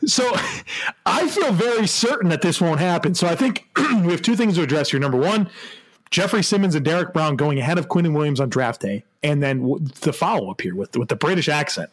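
A man's voice: fairly high pitch, animated, brisk. A young man co-hosting a casual sports podcast, laughing often and restarting his sentences. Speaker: podcast co-host.

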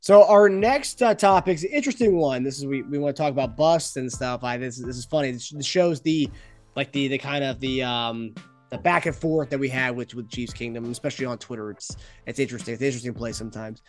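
A man hosting a sports podcast, chatty and quick to laugh. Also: mid-range voice, darkish tone, soft background music. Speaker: podcast host. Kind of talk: casual sports podcast chat.

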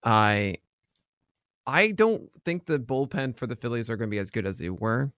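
A man's voice: medium pitch, sing-song, fairly bright tone, no echo. Chatty rambling man, dry sound. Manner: rambling, self-correcting, quick to joke. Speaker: podcast co-host. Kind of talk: casual chat.

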